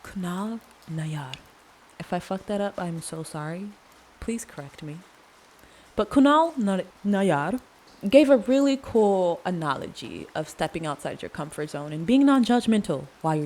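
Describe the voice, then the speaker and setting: A woman hosting a solo podcast, talking in an earnest, conversational way with long pauses and casual slang. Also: lowish voice, darkish tone. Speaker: podcast host. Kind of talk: reflective solo podcast monologue.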